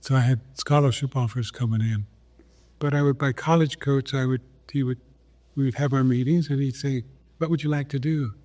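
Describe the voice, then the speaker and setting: Older man, 80s, from South Dakota; soft, mellow storyteller, mid-pitched. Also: fairly even intonation. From South Dakota, USA. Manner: unhurried, acts out remembered dialogue. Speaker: guest, retired Olympic runner. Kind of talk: storytelling conversation.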